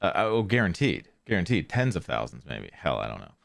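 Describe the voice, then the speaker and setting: Low-voiced man rambling through a story. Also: wildly swooping pitch, brisk, creaky, a bit bright. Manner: rambling, with frequent fillers and restarts. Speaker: podcast host. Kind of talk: casual solo storytelling.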